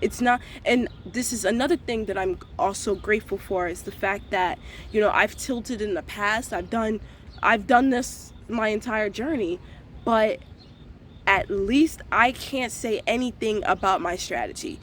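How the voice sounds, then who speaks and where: Woman ranting slowly in slangy talk. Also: medium pitch, a little hiss or hum. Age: 20s. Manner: slangy, profane, frank, thinking out loud. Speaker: vlogger. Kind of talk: casual morning rant to camera.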